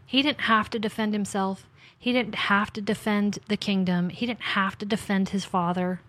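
A woman author and podcast host in casual faith conversation, chatty and animated, acting out her talks with God in little asides. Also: mid-range voice, normal speed, dry recording.

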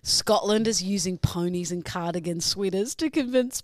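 A woman's voice: mid-range voice, dry recording, studio quality. A young woman, co-hosting a podcast in playful, teasing casual chat. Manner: playful, giggly, quick to tease. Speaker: podcast co-host.

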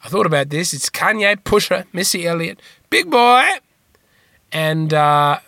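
Bright-voiced deadpan man rambling. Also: a little high, moderate pace, no room sound, clean studio sound. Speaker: podcast host. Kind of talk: casual comedic monologue answering listener questions.

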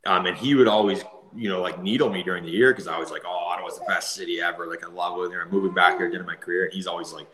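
A man's voice: deep voice, steady tone, rapid-fire, hardly any pauses, sharp tone, echoey room. A man in his thirties, a former player and podcast guest, telling stories in a chatty way, laughing often. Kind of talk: casual storytelling.

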